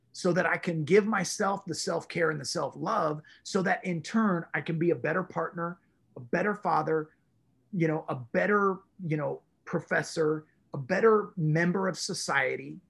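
A man's voice: a little high, a little slow, creaky, a bit bright, breathy edge. A man in his forties, a guest in a casual interview, telling his story with animation and acting out his own inner voice. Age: 40s.

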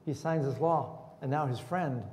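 A man's voice: on the high side, normal speed, a little mellow, slight background noise. A man preaching a sermon in a church and asking the congregation questions. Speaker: pastor. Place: church hall. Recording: echoey church hall.

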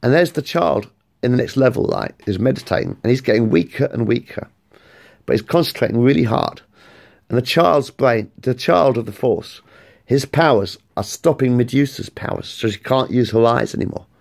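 A man with a gravelly voice tells a made-up story, rambling and excitable. His pitch swings widely as he gets caught up in it, and he swears freely. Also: moderate pace. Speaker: vlogger. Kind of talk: casual storytelling.

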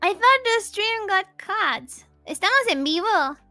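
Very high, bright, playful woman. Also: sing-song, a little slow, no room sound, soft background music. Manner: dramatic, giggly, mock-pleading. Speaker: VTuber guest. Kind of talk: playful livestream chat. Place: home streaming setup.

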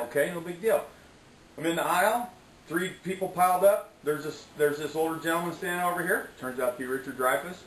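A man's voice: on the high side, fairly bright tone, roomy sound, a little hiss or hum, poor audio. A middle-aged man telling a story in a casual vlog, chatty and preachy, often tossing in "okay?" and "anyways". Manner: preachy, motivational asides. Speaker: vlogger.

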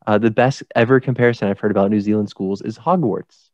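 A man's voice: on the low side, fairly even intonation, fast, a little mellow, no echo. A male podcast host chatting casually, joking and laughing as he rambles. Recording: dull lo-fi dry podcast mic.

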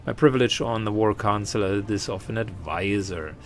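A man voicing a haughty female acolyte in a video game, speaking in a quick, superior, sardonic way. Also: on the low side, vocal fry, slight background noise.

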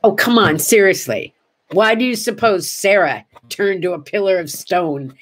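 A woman hosts a casual morning vlog and tells her stories with lots of animation. She acts out each exchange, and her voice sits at an ordinary middle pitch. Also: moderate pace. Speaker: host.

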